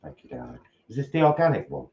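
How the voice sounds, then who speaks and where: A man's voice: medium pitch, wildly swooping pitch, fast, gravelly, dull audio, slight background noise. A man, co-hosting a casual live stream from home and rambling chattily through his day. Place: home, at a table.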